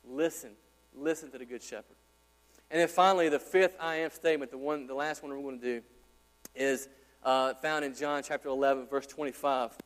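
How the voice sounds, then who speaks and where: A man's voice: steady tone, fairly quick. Man preaching in an echoing church. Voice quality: deep. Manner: conversational, asks the congregation questions. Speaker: pastor. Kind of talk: sermon. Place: church sanctuary. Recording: hall reverb with mains hum.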